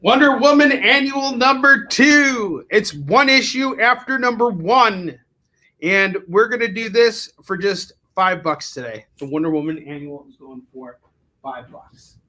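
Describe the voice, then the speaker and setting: A man's voice: sits high, lively intonation, unhurried, sharp tone. A man co-hosting a live shopping show, selling comic books with playful, jokey patter.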